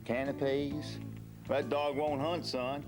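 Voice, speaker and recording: A middle-aged actor with a Texan accent playing a bossy, teasing man who talks in a loud folksy drawl. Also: on the high side, little pitch movement, slow pace. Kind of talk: kids TV series acting. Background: score music.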